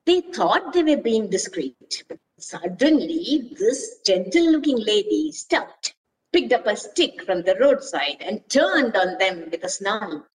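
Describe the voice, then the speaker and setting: A woman reading a children's story aloud, expressive and asking her listeners questions. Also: mid-range voice, takes it slowly. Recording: voice distant from mic.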